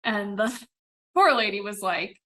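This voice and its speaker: Her voice is mid-range, expressive, unhurried, and a bit bright: a young woman from the American Midwest in casual conversation as a podcast guest. She talks chattily, with lots of fillers and little laughs.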